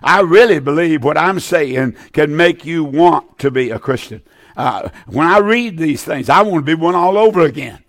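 An older man preaches over the air, fervent and folksy, leaning on "uh" as he repeats his points. His voice sits a bit high for a man. The sound is close and dry, with no room around it. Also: lively intonation, moderate pace, fairly bright tone, dry recording. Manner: folksy, repetitive, fervent, many "uh" fillers. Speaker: radio preacher taking calls. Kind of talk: call-in gospel broadcast preaching.

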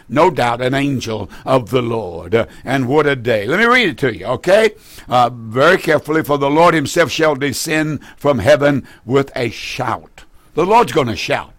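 A man's voice: mid-range voice, fairly bright tone, no echo. Man, broadcast preacher, fervent and emphatic, dry close sound. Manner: fervent, emphatic, repeats phrases.

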